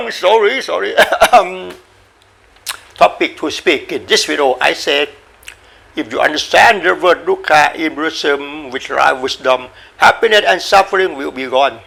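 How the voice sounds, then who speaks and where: Gravelly, bright-voiced man giving a dharma talk. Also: a little high, animated. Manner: repetitive, halting, coughs and says sorry, playful animal sounds. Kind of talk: informal spoken dharma talk.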